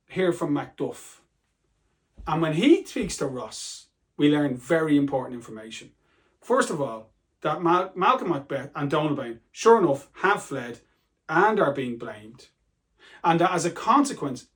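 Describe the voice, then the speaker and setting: A middle-aged man teaching a recorded lesson, chatty and animated, with jokey asides. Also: a little high.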